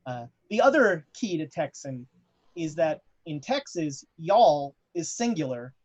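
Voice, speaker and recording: A woman's voice: low voice, big pitch swings, a little mellow. A woman hosting a tabletop game stream, chatting casually between sessions and stalling often on fillers and restarts. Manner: halting, many fillers and restarts. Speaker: host of the show. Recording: dull lo-fi audio.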